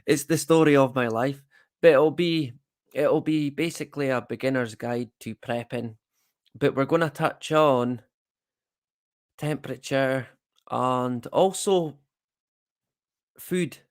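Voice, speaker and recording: A man's voice: mid-range voice, takes it slowly, pauses often. A Scottish man hosting a livestream, chatting casually to viewers with self-deprecating, rambling asides. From Scotland. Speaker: livestream host.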